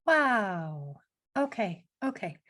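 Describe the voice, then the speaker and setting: A woman's voice: medium pitch, sing-song, very slow, a bit bright. A woman hosting a podcast interview, effusive and encouraging toward her guest. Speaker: podcast host. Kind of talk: conversational interview.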